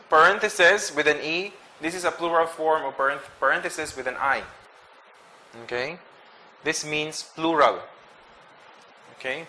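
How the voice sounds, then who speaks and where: Bright-voiced man teaching grammar. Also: on the high side, a little hiss or hum, rough recording. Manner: explains slowly, checks with frequent "okay?", restarts and self-corrects. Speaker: English teacher. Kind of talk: classroom grammar lesson.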